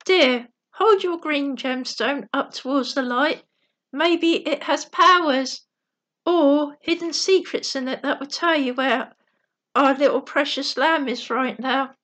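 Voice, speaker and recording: A woman's voice: sits high, slow pace, a bit bright. A woman reading the lines of a kind father in a soothing, reassuring way.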